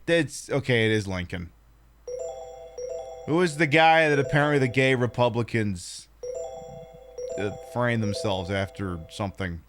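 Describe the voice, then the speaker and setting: A man's voice: mid-range voice, measured pace, pauses often, over music. A man playing a quiz game and commenting casually, joking and swearing, rambling through his guesses. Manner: profane, joking, rambling asides. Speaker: game streamer.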